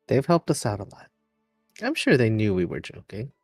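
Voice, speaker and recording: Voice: medium pitch, wildly swooping pitch, moderate pace, a little mellow, no echo, studio quality, soft background music. A player in a tabletop game speaking politely and hesitantly, with many fillers. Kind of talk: tabletop role-play.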